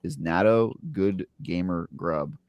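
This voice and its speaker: A man's voice: deep voice, slow pace, a little mellow, dry recording, dull audio. Joking man co-hosting a podcast. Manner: joking, playful banter. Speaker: podcast co-host. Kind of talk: casual chat.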